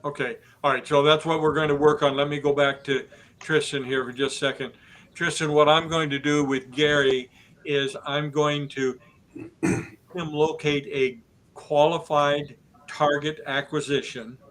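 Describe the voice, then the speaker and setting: A man hosting a business podcast in a flat, unhurried tone. He walks through each step methodically and keeps his voice level throughout. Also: on the high side, poor audio. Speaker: host.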